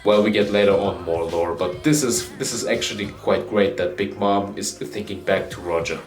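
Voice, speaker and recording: Male reviewer, casual and excitable, acts out lines with his own voice, recorded in a roomy space over soft music. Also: deep voice, moderate pace. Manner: animated, swearing, acts out character lines. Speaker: manga reviewer.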